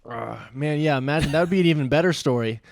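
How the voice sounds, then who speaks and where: A Californian man co-hosting a comedy podcast, telling a childhood story in an animated, laughing way. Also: a little high, fast, gravelly. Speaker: podcast co-host. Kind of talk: casual storytelling.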